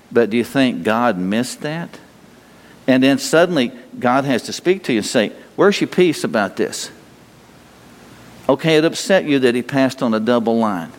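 A man preaching a sermon in a conversational way, asking the congregation questions and giving God's answers in a slower, gentler voice. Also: medium pitch. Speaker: pastor. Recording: long reverb of a large hall.

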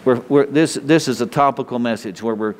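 A man's voice: mid-range voice, a little fast, slight background noise. A man preaching a sermon in a folksy, conversational way, often restarting phrases and chuckling. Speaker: pastor. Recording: reverberant hall.

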